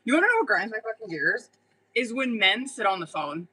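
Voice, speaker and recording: A woman's voice: on the high side, sing-song, fairly quick, bright, forceful tone, husky, rough recording. A young adult woman doing a casual live tarot reading, blunt and chatty, swearing freely and laughing often. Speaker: tarot reader.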